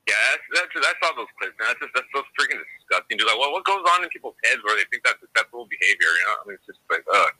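A man's voice: mid-range voice, sing-song, very fast, few pauses, pushed and bright, slightly rough, no room sound, rough recording. A young man talking as a guest in casual chat, blunt and profane, full of slang.

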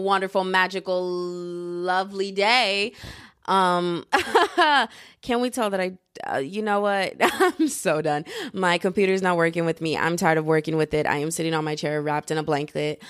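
A woman's voice: fairly low pitch, dry recording, studio quality. A young woman hosting her own podcast from home, chatting in a bubbly, rambling, jokey way full of slang. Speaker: podcast host. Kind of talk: casual solo podcast chat. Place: indoors, at home.

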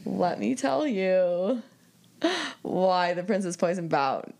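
A woman's voice: lowish voice, animated, slow, creaky, darkish tone. Wry woman podcast co-host. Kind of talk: casual chat.

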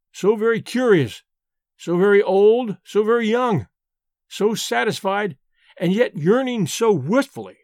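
A man voices an old storyteller, earnest and a little solemn, reminiscing over his glass. The voice sits high for a man, recorded dry and close with no room around it. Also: no echo. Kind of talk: audiobook reading.

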